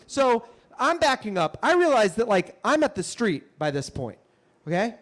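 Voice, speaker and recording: A man telling a comic story on stage in an animated, punchy way, with frequent asides to the audience. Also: high-pitched, normal speed. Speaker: comedian and storyteller. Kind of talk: stand-up storytelling.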